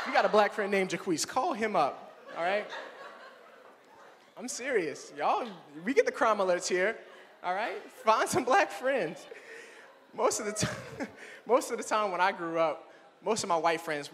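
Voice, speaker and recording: A young man in his twenties performing a playful stand-up comedy set on stage and talking straight to the audience. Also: on the high side. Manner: animated, playful, addresses the audience directly. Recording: long hall reverb.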